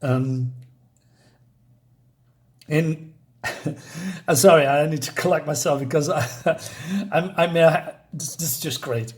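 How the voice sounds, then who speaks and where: A comic book reviewer gives a casual review and reads panels aloud, sounding excited in a fairly high voice at a measured pace. He's enthusiastic, chuckles often, and keeps saying "badass" and "right?"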